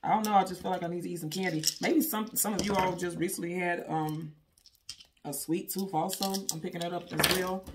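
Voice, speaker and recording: A woman's voice: fairly low pitch, fairly even intonation, a little fast, background noise. Chatty woman reading tarot, candy in mouth. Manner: chatty, rambling, talks straight to viewers. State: talking with candy in her mouth. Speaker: tarot reader. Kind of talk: casual tarot reading to camera.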